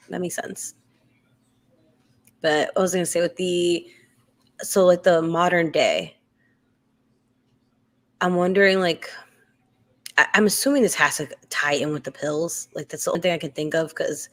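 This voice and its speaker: A woman's voice: lowish voice, moderate pace, pauses often. A woman co-hosting a casual live after-show chat, talking loosely with lots of fillers and restarts. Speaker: co-host.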